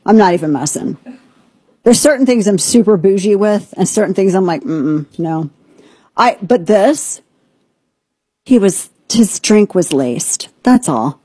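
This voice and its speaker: A woman's voice: medium pitch, animated, a little slow, mellow, slightly rough, dry recording. A woman hosting a talk show, brash and sarcastic, riffing with mocking asides. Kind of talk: opinionated radio talk.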